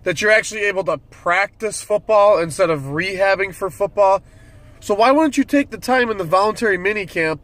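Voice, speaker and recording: High-voiced man on a profane rant. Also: a bit bright. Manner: profane, irritated, ranting. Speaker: football fan commentator. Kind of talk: solo sports rant.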